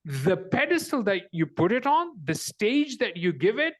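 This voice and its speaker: A man's voice: high-pitched, sing-song, moderate pace. A man on a group call, earnestly explaining a technique step by step. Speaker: call participant. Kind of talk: casual explanation.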